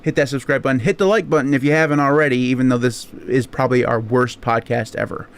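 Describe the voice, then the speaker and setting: A man's voice: mid-range voice, steady tone, fast talker, clean tone. A man hosting a tech podcast, rambling in a jokey, self-deprecating way with filler words. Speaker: podcast host. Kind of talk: casual podcast chat.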